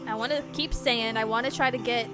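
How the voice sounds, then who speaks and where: A woman's voice: a little high, fairly even intonation, brisk. A woman streaming a game live. She reads the game's narration aloud and reacts with frequent laughter and swearing. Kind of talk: live gameplay commentary, reading game text aloud. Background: game music.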